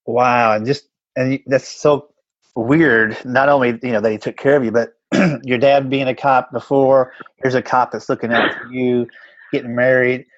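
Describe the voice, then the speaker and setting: A man in his fifties hosting a podcast interview, relaxed and reflective. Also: medium pitch, normal speed, no room sound. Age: 50s. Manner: relaxed and reflective, with easy laughter. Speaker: podcast host. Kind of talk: casual interview. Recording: dull dry recording.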